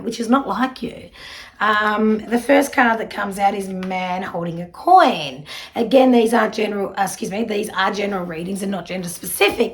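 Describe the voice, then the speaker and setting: A middle-aged woman, giving a spiritual card reading in a soft, earnest, reassuring way with many fillers. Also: mid-range voice. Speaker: psychic card reader.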